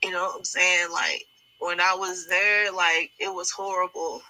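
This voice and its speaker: A woman speaking in a sharp, very bright tone, recounting painful memories in halting, broken phrases. She often stops and restarts mid-sentence, and the distress runs through everything she says. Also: on the low side, level tone, low-quality recording. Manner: halting, hesitant, many restarts. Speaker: alleged victim giving testimony. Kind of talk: emotional first-person account.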